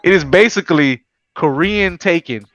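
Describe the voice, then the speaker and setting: A man co-hosting a casual anime podcast, talking in an animated, slangy way. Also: a little high, normal speed, faint music behind. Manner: animated, slangy, jumps into quoted voices. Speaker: podcast co-host.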